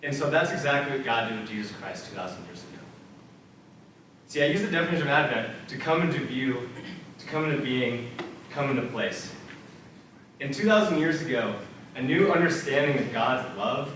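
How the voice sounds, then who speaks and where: At a church center, a young adult student speaker gives students a casual, heartfelt faith talk in its multipurpose room, storytelling with lots of "like" and "um." His mid-range voice is animated and a bit bright at a moderate pace. The far-off recording echoes heavily and has slight background noise.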